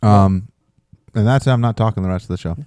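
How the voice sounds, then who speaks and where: A man's voice: lowish voice, a little fast, a little mellow, clean tone, dry recording, clean studio sound. A young man co-hosting a casual podcast, reading a sponsor spot in a jokey, rambling way. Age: young adult. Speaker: podcast co-host.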